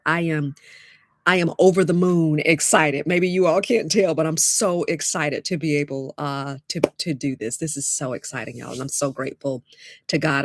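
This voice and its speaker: A woman hosting a live webinar, chatty and lively, talking straight to her viewers. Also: sits low, no room sound, clean studio sound. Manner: lively, chatty, addresses audience as y'all. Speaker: webinar host and dating coach.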